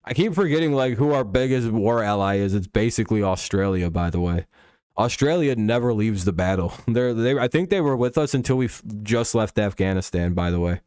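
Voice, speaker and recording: A man's voice: lowish voice, lively intonation, brisk, a little mellow, smooth, dry recording, studio quality. A man hosting a casual live stream, rambling and swearing freely, with chuckles and frequent restarts. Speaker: stream host.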